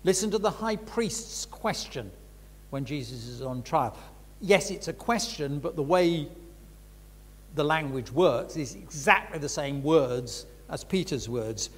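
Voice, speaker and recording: A man's voice: medium pitch, expressive, unhurried, husky. An older man giving a reflective Bible teaching talk as a preacher, frank and conversational, with emphatic stresses. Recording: long reverb of a large hall.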